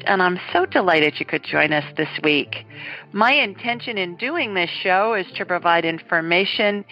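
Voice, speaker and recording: A middle-aged woman, hosting a call-in show and chatting enthusiastically about her week. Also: medium pitch. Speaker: host. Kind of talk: casual chat. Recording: dull lo-fi sound.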